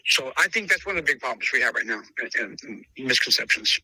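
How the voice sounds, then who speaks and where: A man's voice: mid-range voice, animated, fast, pushed and bright, husky, dry recording, rough recording. A man who breeds dogs, telling stories in a casual interview and acting out both sides of past conversations, often calling the listener brother. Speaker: dog breeder.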